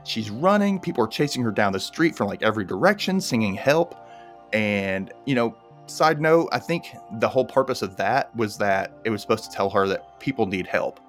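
Faint music runs behind a man with a somewhat low voice speaking at normal speed. He's casually recapping a TV episode with his co-host and animatedly acts out the characters in a raised voice.

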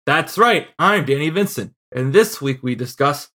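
A man co-hosting a podcast in casual chat, hoarse from illness, joking and laughing often. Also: on the high side, animated, normal speed, pushed and bright. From Chicago. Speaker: podcast co-host.

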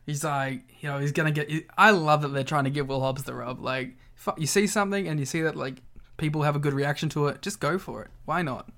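An enthusiastic young man co-hosting a relaxed podcast, with a voice pitched a little higher than most men. He keeps the banter playful and gets audibly excited about the details. The talk stays loose and conversational. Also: a little fast. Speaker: podcast co-host. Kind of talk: casual chat.

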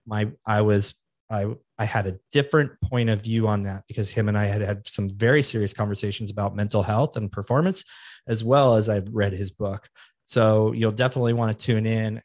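A man's voice: fairly low pitch, darkish tone, dry recording. Earnest man coaching on a podcast. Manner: earnest, coaching, repeats phrases for emphasis. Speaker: podcast host. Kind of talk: motivational podcast monologue.

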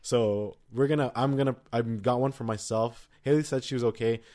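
A man's voice: mid-range voice, fairly quick, darkish tone. A man co-hosting a podcast in casual chat, rambling and full of fillers and restarts. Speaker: podcast co-host.

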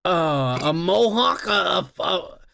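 A man's voice: high voice, expressive, takes it slowly, vocal fry, sharp tone. A man co-hosting a podcast in casual chat, teasing his co-host and joking.

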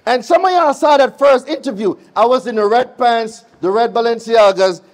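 A middle-aged man with a Jamaican accent, speaking live on a conference stage with an energetic, preachy manner that calls out to the audience. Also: very high-pitched, moderate pace. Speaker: guest speaker.

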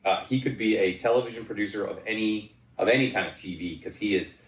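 A man in his forties talks casually as a guest, circling his point with restarts and fillers. His voice sits on the low side and carries a noticeable room echo. When he quotes himself, he leaps into high, excited voices. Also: fast talker, noisy background. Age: 40s. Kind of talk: casual chat.

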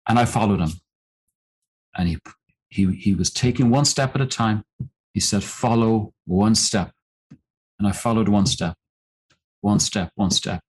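A middle-aged man, a mountaineer and coach, telling a personal story as a podcast guest in a reflective, halting way with many pauses and restarts. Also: mid-range voice, low-quality recording. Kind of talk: storytelling in an interview.

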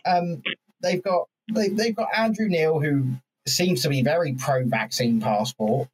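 A man hosting a podcast, chatting about politics in an animated way, swearing and restarting his sentences. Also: a little high, unhurried, slight background noise, rough recording. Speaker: podcast host. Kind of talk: casual political chat.

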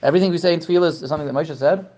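A man giving a Torah lesson to a class, animated, asking questions and often repeating words. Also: a little high, racing, highs cut off. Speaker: Torah teacher. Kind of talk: lecture to a class.

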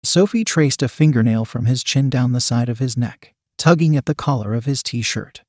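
A man's voice: medium pitch, lively intonation, moderate pace, few pauses, darkish tone, no room sound, clean studio sound. Man reading an erotic story.

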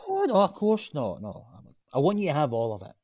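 A slightly high male voice, fairly quick and recorded studio-clean with no echo, performs a radio drama part. The character is an earnest Glaswegian local, grandson of a chip-shop cook, pitching a gym, and he sounds persuasive, earnest and animated throughout.

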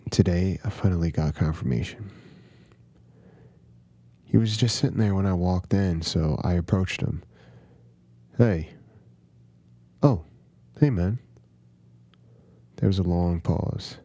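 A man's voice: low-pitched, steady tone, normal speed, mellow, no room sound. A man hosting a podcast, narrating a first-person horror story in a conversational, confiding way.

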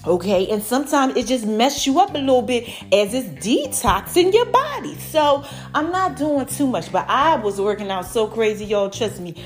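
A woman, talking straight to her listeners in a loose, excited promo update. Her voice sits a little high and bounces between hype and warmth. Faint music plays underneath. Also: moderate pace, hardly any pauses. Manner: lively, chatty, calls listeners y'all and baby. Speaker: podcast host. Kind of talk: casual promo update to followers.

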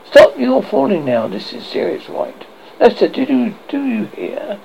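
A man voicing a panicky young man who speaks in strident, shrill tones. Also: wildly swooping pitch, a little slow, vocal fry, a little hiss or hum, exaggerated voice. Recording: dull lo-fi recording.

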